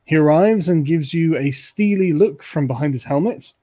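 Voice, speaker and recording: Mellow, husky-voiced game master man. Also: a little high. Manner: relaxed, halting narration with fillers and laughs. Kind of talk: narrating a tabletop game.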